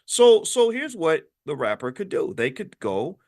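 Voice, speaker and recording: A man hosting an impassioned opinion commentary, swinging from low muttering to high outbursts. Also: big pitch swings, a little slow, darkish tone. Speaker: host.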